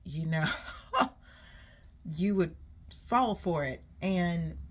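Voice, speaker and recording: A woman doing a casual tarot reading for viewers, animated and laughing often, swearing freely. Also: on the low side, very slow. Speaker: tarot reader.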